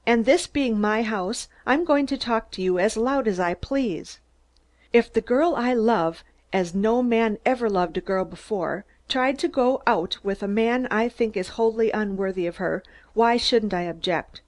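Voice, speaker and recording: A woman voicing a hot-tempered male lawyer in love, raising her voice to a shout in an audiobook. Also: on the high side, unhurried, close to an everyday voice. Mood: angry shouting. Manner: raises voice to shouting.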